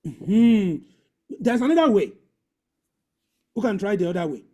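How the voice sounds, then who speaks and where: A man running an online language class over video call keeps repeating points and coaching pronunciation through drills. He talks a little slowly in a high-sitting, very animated voice with a dark tone.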